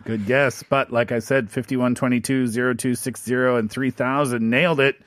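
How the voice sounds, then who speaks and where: A man's voice: mid-range voice, steady tone, moderate pace, no echo. A man hosting a radio riddle segment, reading listener texts and chuckling as he goes. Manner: playful, laughs often while reading riddles and listener texts. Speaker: radio show host. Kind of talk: casual radio quiz hosting. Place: radio studio.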